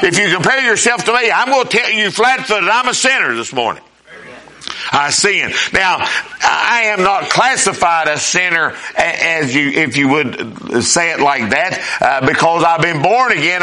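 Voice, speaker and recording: A man's voice: fairly high pitch, sharp tone. A man preaching a sermon as pastor, emphatic, rising and dropping with repeated phrases.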